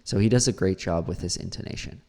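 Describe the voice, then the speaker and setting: A man's voice: low voice, fast, gravelly, warm tone. A man, an English teacher, critiquing a learner's pronunciation and repeating words aloud to model them.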